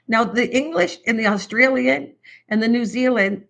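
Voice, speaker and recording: An older woman with a Canadian accent, hosting a casual live-stream chat about crafts, rambling with lots of fillers and restarts, hyper and excited. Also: fairly high pitch, unhurried, creaky. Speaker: craft channel host.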